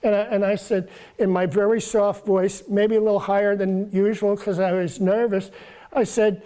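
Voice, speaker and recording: A soft-spoken man in his seventies tells stories at an easy pace. He stops and starts, repeats words, and chuckles as he talks. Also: high voice, steady tone, moderate pace, clean tone. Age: 70s. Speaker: guest author. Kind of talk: casual storytelling talk.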